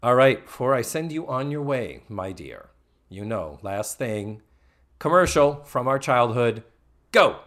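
A man co-hosting a casual podcast, recapping a TV episode with a theatrical flair. His pitch swings widely and expressively, sitting in an ordinary middle register. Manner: animated, theatrical, quick to act out quotes. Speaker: podcast co-host.

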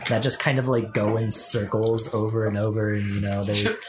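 Very low-voiced woman game master. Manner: relaxed, unhurried description with fillers. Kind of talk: narrating a tabletop game.

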